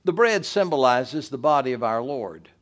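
A man preaching a communion sermon as pastor, emphatic and building to forceful repeated declarations. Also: mid-range voice, lively intonation, moderate pace.

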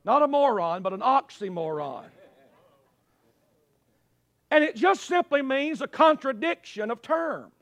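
High-voiced man preaching a dramatic sermon. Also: lively intonation, a little slow, pauses often, dry recording. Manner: dramatic delivery, swinging from loud cries to hushed low phrases. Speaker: pastor. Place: church service.

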